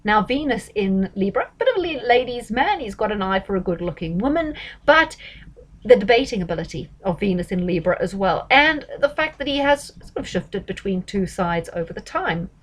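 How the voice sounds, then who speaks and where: A woman talks through an astrology reading in a loose, chatty way. She is emphatic and animated, and she often stops to correct herself and fills pauses with ums. Her pitch sits in the middle of the usual range for a woman. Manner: chatty and emphatic, with frequent fillers and self-corrections. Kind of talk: casual astrology commentary.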